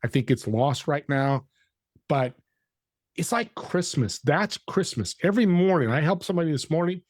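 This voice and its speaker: A man guest on a podcast, telling a story in an animated way and acting out the dialogue. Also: on the high side, moderate pace, no room sound, clean studio sound. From California.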